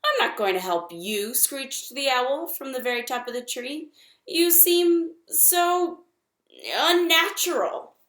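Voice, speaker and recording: A woman's voice: high-pitched, fairly even intonation, normal speed, hardly any pauses, fairly bright tone, reverberant, pitched above the performer's own voice. A woman voicing an anxious male owl who screeches warnings to a crowd of animals, in a storybook reading. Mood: scornful.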